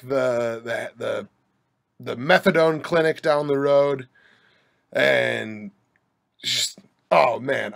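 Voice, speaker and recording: A young man speaks at medium pitch with a creaky, somewhat bright tone as he hosts a podcast. His storytelling monologue is casual and rambling, wry and humorous, peppered with restarts and side comments.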